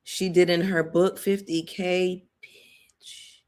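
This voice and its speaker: A woman with a slightly low voice hosts a casual live-stream, commenting on a reality show. She talks in a chatty, emphatic way, speaking straight to her viewers as if they were friends. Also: animated, measured pace. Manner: chatty, emphatic, addresses viewers as y'all and girl.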